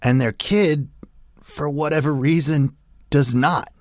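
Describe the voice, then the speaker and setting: A man's voice: a little high, fairly even intonation, takes it slowly, no room sound. Profane, rambling male radio host. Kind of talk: comedic rant monologue.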